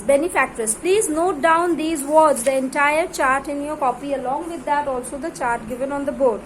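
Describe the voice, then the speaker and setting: Teaching English grammar to a class, a high-pitched woman reads word lists in louder, elongated calls and spells words letter by letter. The room is echoey, and the recording is noisy.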